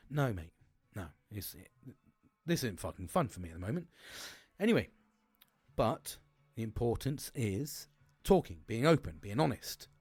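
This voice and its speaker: A man's voice: medium pitch, dry recording. A middle-aged man talking openly and emotionally about his struggles, rambling with many restarts and frequent swearing. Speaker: podcast host. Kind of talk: candid personal talk.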